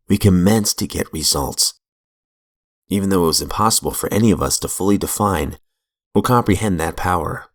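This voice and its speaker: Deep gravelly man reading aloud. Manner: measured, earnest reading with brief asides. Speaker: reader of recovery literature.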